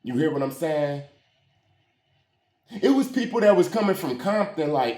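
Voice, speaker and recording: Man with lively street talk. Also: a little high, normal speed, long pauses. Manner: slangy street talk with frequent "you hear what I'm saying". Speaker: storyteller. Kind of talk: casual story time. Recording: roomy echo.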